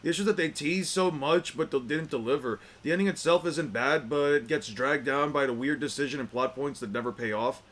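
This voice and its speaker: A man's voice: on the high side, fairly quick, hardly any pauses, fairly bright tone. A young man chatting casually with his viewers, rambling and repeating himself as he restarts his thoughts. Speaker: streamer reacting to chat.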